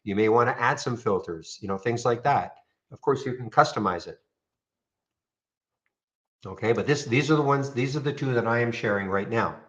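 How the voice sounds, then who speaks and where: A man casually walking viewers through trading software on a screen share, rambling and checking in with "okay?". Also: medium pitch, moderate pace, long pauses, muffled recording. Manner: rambling, frequent restarts and "okay?" check-ins.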